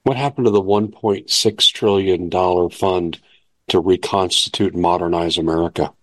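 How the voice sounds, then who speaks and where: Argumentative male host with a lowish voice, dry and close, pressing each point. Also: fairly even intonation, normal speed, no echo. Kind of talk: political commentary.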